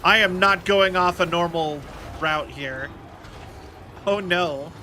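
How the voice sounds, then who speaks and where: A man with a fairly high, very bright and sharp-edged voice rambles through casual gaming commentary. He thinks out loud and strings his thoughts together with plenty of filler words. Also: slow, a little hiss or hum. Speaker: game streamer.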